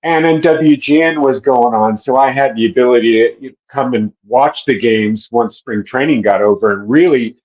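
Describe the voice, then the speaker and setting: Relaxed man telling stories, dull lo-fi sound. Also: mid-range voice, moderate pace, hardly any pauses. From Minneapolis, USA. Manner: laughs softly, relaxed storytelling with fillers. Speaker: public address announcer. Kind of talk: casual interview reminiscing. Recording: dull lo-fi audio.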